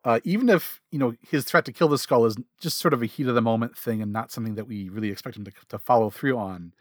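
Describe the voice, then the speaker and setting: Podcast co-host, mid pitch, fast and stumbling over restarts, dry sound. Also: male voice, no echo. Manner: quick, self-interrupting, repeats words. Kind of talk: casual chat about comics.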